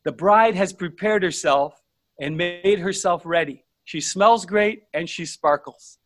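Guy preaching a sermon, kinda high voice, earnest, trips over his words a lot. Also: a bit bright, no echo, soft background music. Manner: earnest, halting, many restarts.

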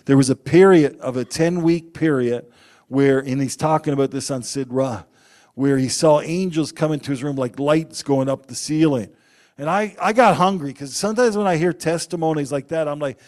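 A man preaching a sermon, telling personal stories in an animated way and acting out the quotes loudly. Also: on the high side, normal speed.

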